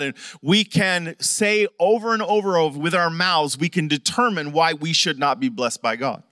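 A middle-aged man preaching a sermon, animated and conversational, often asking the congregation questions. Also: on the high side, normal speed, hardly any pauses, no room sound, clean studio sound. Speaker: pastor.

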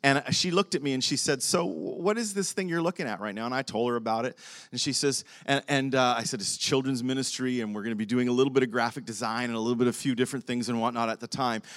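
An older male pastor preaches to his congregation in a mid-pitched voice. He tells a personal story with animation and acts out each side of a conversation. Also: quick pace. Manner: animated storytelling, acting out both sides of a conversation with laughs. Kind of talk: sermon.

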